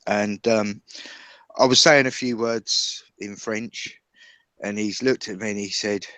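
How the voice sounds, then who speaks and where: A man chatting as a guest, telling relaxed, self-deprecating stories. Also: lowish voice, slow, no echo. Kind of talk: casual online chat.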